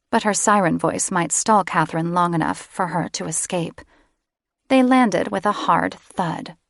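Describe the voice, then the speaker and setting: A woman audiobook narrator giving steady, scripted fantasy narration close to the microphone. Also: lowish voice, gravelly, dry recording. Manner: steady storytelling. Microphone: close studio microphone.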